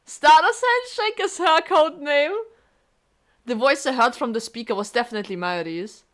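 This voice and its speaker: A woman streamer reading a game aloud and reacting with emotional, expressive comments. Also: high-pitched, normal speed.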